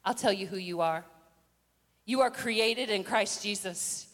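An older woman preaching a sermon, telling the story with animated acted-out voices and rising to shouted declarations. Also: medium pitch, measured pace. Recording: long hall reverb.

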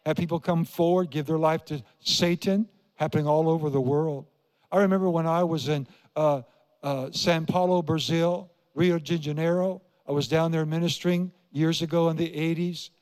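Older pastor from iowa telling a story in his sermon, voice a bit high, lots of repeating for emphasis, big echoey church hall. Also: steady tone, moderate pace, a little mellow. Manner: storytelling preacher, emphatic repetition, asks the congregation questions. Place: church sanctuary.

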